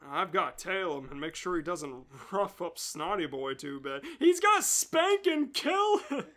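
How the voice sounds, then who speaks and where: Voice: medium pitch, normal speed, a bit bright, pitched below the performer's own voice, natural voice. A storyteller voicing a flustered, jealous male police chief who whines and stammers. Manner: whiny, stammering.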